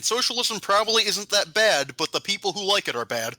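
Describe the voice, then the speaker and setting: A young man chatting while gaming, excitable and quick to shout protests. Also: high-pitched, no echo. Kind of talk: casual chat while gaming.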